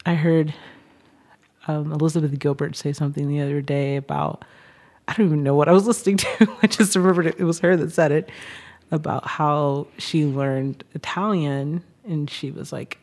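A woman with a low-pitched voice speaks as a podcast guest. She thinks aloud in a reflective, searching way. Soft little laughs slip in between her thoughts. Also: steady tone, normal speed. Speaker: podcast guest, writer and artist. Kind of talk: reflective conversation.

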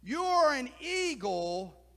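A man's voice: extremely high pitch, wildly swooping pitch, extremely slow, darkish tone, full character voice. A man voicing a wise male owl who counsels a lost eagle, urging him emphatically. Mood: urgent. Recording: long hall reverb.

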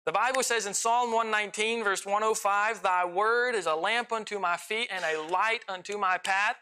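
A man preaching a sermon with impassioned delivery, swinging between loud pleading and quiet intensity. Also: sits high, normal speed, clear, resonant tone. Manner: impassioned, rising and falling in volume; emotional.

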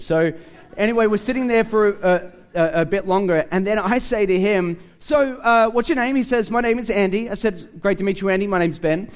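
A man's voice: high-pitched, brisk, clean tone. A man with an Australian accent, a pastor preaching a conversational sermon and telling a story with acted-out dialogue.

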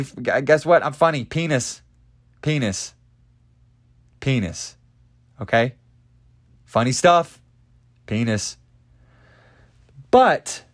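A young man hosting a solo podcast, rambling crudely and confessionally, swinging between loud outbursts and mumbles. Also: a little high. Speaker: podcast host. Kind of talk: casual solo podcast monologue.

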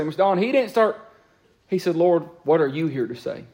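Animated pastor preaching. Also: male voice, on the high side. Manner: animated preaching with call-and-response, quick asides and repeated words. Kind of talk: sermon. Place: church sanctuary.

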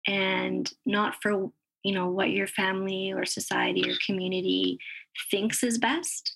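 Gravelly-voiced woman, upbeat podcast guest. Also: medium pitch, flat delivery, unhurried, fairly bright tone, low-quality recording. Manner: upbeat, laughs often. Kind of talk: casual interview chat.

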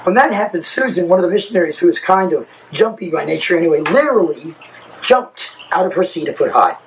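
A man delivers a sermon with lively, swinging intonation. His voice sits a touch high, and he leans into his stories with emphatic drama. A faint hiss runs underneath. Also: fast. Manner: animated storytelling preacher, emphatic. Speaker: pastor.

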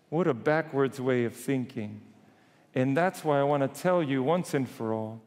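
A man preaching a sermon as a priest, retelling scripture in lively everyday voices. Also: mid-range voice, long reverb tail.

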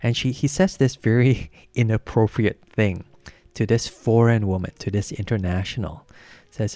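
A man preaching a sermon in a relaxed, conversational way, with stories and frequent fillers. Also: fairly low pitch, moderate pace, dry recording.

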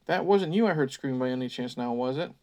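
A man's voice: mid-range voice, animated, brisk, darkish tone, lightly acted. A man reading aloud, voicing a teenage boy who teases the others with a smirk. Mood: teasing. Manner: smirking, teasing.

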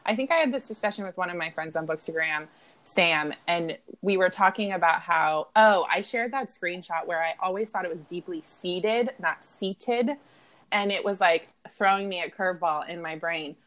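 A woman's voice: lowish voice, normal speed, a bit bright. A woman co-hosting a casual book podcast, chatting and telling stories with a laugh. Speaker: podcast co-host. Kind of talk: casual chat.

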